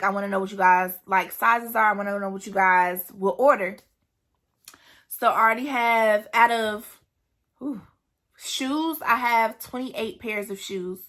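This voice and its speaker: A woman's voice: mid-range voice, pushed and bright. A young woman, chatting casually to camera about starting her business, with lots of asides to her viewers. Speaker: vlogger and new business owner.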